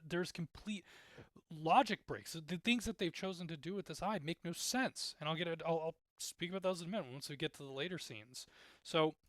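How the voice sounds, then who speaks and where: A man giving casual, rambling commentary as a TV reviewer, growing exasperated and animated with many restarts. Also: a little high, no room sound. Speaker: TV show reviewer.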